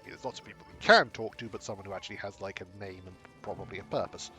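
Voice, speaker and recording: A man's voice: fairly low pitch, fast talker, over music. A man streaming a game playthrough, commenting in a hesitant, self-deprecating way.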